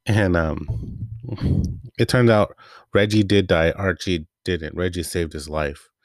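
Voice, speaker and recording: A man with a very low voice hosts a laid-back comic review. He rambles, trails off into asides and leans on fillers, and his voice sounds worn out. The sound is dry and close. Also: slow, no echo. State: voice wearing out. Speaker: host.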